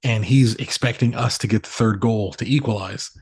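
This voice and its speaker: A man in his thirties, co-hosting a casual podcast, telling animated stories and swearing freely. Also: on the low side, normal speed, slightly rough, no echo, studio quality. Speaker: podcast co-host. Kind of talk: casual chat.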